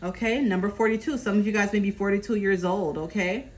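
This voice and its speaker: A woman's voice: medium pitch, a little fast, poor audio. Woman giving a reassuring tarot reading. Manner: reassuring, keeps checking in with "okay?"; relays messages from spirit in a steady flow. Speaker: tarot reader. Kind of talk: casual tarot reading to camera.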